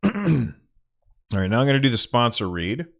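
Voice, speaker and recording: A man hosting a podcast, reading sponsor spots casually and muttering to himself when the recording software fails. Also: mid-range voice, sing-song, unhurried, gravelly. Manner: offhand, restarts and mutters at tech trouble. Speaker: podcast host.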